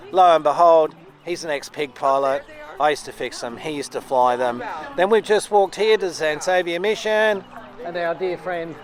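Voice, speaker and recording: Man, 60s, Australian accent, lively storyteller, fairly high voice. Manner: lively storyteller, acts out dialogue. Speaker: traveller. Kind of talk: casual anecdote.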